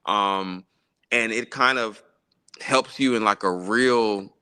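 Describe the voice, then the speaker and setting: A man with a low, bright, clear voice, chatting loosely as the guest in a live interview. He pauses, fills the gaps and starts his sentences over as he thinks. The sound is dry and close. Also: dry recording. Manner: relaxed, loose speech with many fillers and restarts. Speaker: guest musician, gospel pianist.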